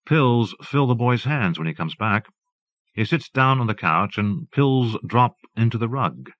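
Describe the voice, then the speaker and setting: A man narrating a literary audiobook in a measured, even reading. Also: mid-range voice, dry recording. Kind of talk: scripted narration. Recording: dull dry tape recording.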